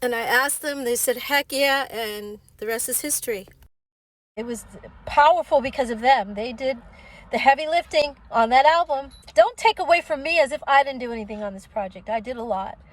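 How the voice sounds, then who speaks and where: A woman's voice: a little high, normal speed, poor audio. A middle-aged woman from Oakland, a singer, speaking to her viewers in a candid, indignant commentary vlog. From Oakland, California, USA. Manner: indignant and direct, addresses viewers as y'all. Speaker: singer and vlogger.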